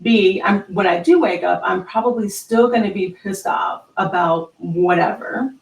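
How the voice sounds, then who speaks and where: A woman's voice: medium pitch, moderate pace, vocal fry, recorded from a distance. A woman hosting a motivational live talk, emphatic and chatty, who keeps checking in with "right?". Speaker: host. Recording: roomy sound, voice set back from mic.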